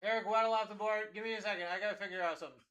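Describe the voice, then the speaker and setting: A man hosting a live card-break stream. He talks to chat in fast, hyped sales patter and calls out players as spots sell. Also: high voice, fairly even intonation, pushed and bright, highs cut off. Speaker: card break livestream host.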